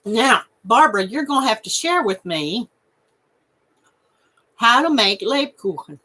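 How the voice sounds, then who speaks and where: A woman's voice: fairly high pitch, big pitch swings, measured pace, pushed and bright. A woman hosting a crochet channel, chatting casually with viewers and laughing and snorting often. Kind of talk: casual live chat reading viewer comments.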